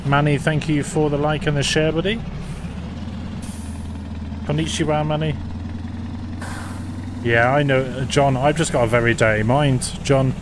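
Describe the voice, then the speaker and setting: A man's voice: a little high, level tone, unhurried, pauses often, noisy background. A man hosting a live stream, chatting casually and thanking viewers by name. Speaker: livestream host.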